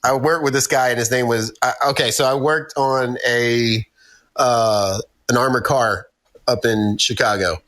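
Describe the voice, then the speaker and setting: A man, a podcast guest, chatting casually and telling an animated story with quoted voices. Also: medium pitch, unhurried. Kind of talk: casual chat.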